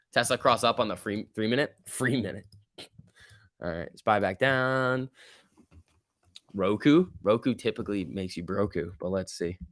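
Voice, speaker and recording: A man hosting a casual livestream, giving excitable running commentary and answering chat. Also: mid-range voice, no echo, clean studio sound. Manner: excitable, reacts aloud and reads chat. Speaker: livestream host. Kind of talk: casual live market commentary.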